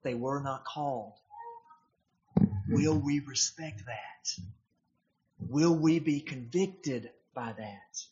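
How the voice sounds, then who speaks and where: A man's voice: mid-range voice, slow pace, pauses often, mellow, dull audio. A man preaching a sermon, emphatic and posing rhetorical questions to his congregation.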